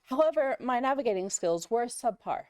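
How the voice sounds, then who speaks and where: A woman's voice: a little high, lively intonation, moderate pace, darkish tone, no room sound, studio quality. Woman telling a playful improvised tale. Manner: playful, rambling with fillers. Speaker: player. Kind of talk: improvised in-character storytelling.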